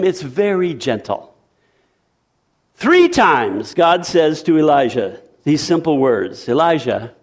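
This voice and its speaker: Animated male preacher with a lively voice. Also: a little high. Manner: animated, emphatic, conversational preaching. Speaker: pastor. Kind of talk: sermon.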